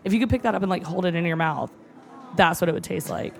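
An excitable cook raves in a loose, chatty way, stacking fillers and the odd curse word. The voice sits at an ordinary middle pitch and wells up with feeling, close to tears. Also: fast talker, creaky. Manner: excitable, gushing, with many fillers and swearing. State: moved nearly to tears. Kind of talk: casual chat.

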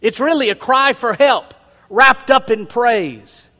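A pastor preaching a sermon in a high, bright voice that climbs into loud, emphatic calls. His words ring out with a long reverb, the sound of a big church sanctuary. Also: slow.

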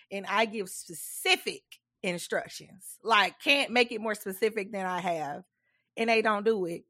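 A woman's voice: mid-range voice, measured pace, bright, forceful tone, dry recording. A woman with a mid-range voice co-hosts a casual podcast. She is sassy and emphatic, throws in "honey", and laughs between her points. The recording is close and dry. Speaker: podcast co-host. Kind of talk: casual chat.

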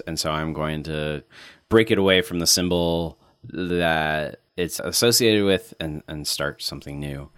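A man's voice: low voice, a little slow, a bit bright, clean tone, no room sound. A man designer talking casually with dry humor. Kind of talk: casual chat.

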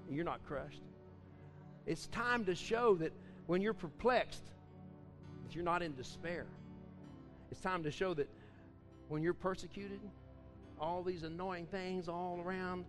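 A man preaches a church sermon in a high, fervent voice. He swings from loud, ringing outbursts to quiet, chatty storytelling. Faint music plays behind him. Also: animated, measured pace, pauses often. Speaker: pastor. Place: church service.

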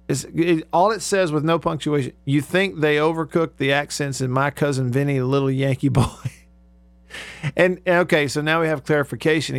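A man's voice: a little high, no echo. A male radio host in casual talk, reading out listener texts, chatting and laughing often.

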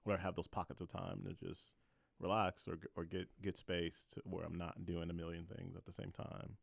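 Low-pitched man, gravelly voice, halting, repeats words, podcast co-host. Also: flat delivery, no echo. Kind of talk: casual podcast chat.

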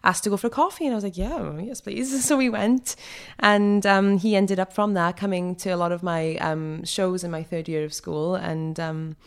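Young Welsh actress, guest spot, chatty, filler-heavy, a touch low-pitched. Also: female voice, steady tone, clean tone. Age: 20s. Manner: quick, chatty, full of fillers and laughter. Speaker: guest, actor and singer. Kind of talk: casual interview chat.

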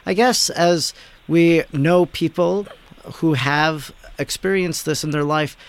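A man's voice: fairly high pitch, slow pace. A man, a priest, hosting an interview, reflecting thoughtfully and asking questions. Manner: reflective, thoughtful with some restarts. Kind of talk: interview conversation.

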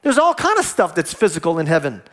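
Male pastor, sermon delivery, high and very animated, acts out the voices in his scripture stories. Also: fast. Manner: animated preaching, acts out quoted dialogue.

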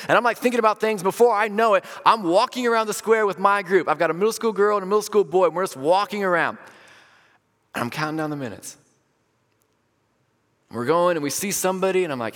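A young man preaching as a pastor, telling a story in an animated, self-deprecating way and acting out what people said. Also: mid-range voice, fast. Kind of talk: storytelling sermon. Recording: long reverb of a large hall.

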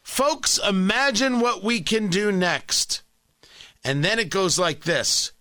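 A man's voice: high voice, takes it slowly, sharp tone, no echo, clean studio sound. A man delivering an indignant opinion monologue, sarcastic, sometimes mocking other voices. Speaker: political commentator.

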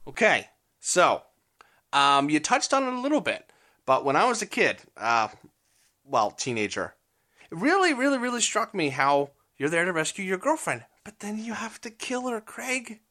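A middle-aged man co-hosting a podcast, chatting casually and gushing with excitement about retro games. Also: high voice, normal speed. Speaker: podcast co-host.

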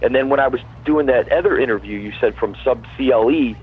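A husky man on a tinny phone line, talking at a middle pitch. He rambles along casually, circling back and repeating himself as a call-in guest musician. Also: fast talker.

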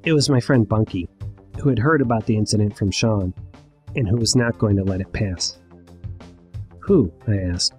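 A man's voice: lowish voice, fairly quick, a little mellow, soft background music. A middle-aged man telling a personal story in a wry, conversational way with asides to the listener.

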